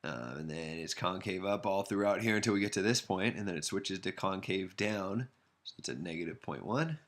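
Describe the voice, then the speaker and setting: A man's voice: sits low, moderate pace. A man giving a casual math lesson, thinking aloud and making fun of his own drawing as he sketches a graph. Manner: relaxed, self-deprecating, thinks aloud while sketching. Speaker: math instructor.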